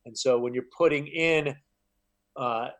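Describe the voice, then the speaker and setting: A man's voice: mid-range voice, unhurried, fairly bright tone. A man talking as a guest in a casual interview, earnest and a little preachy, often filling with "you know". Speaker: podcast guest, health coach.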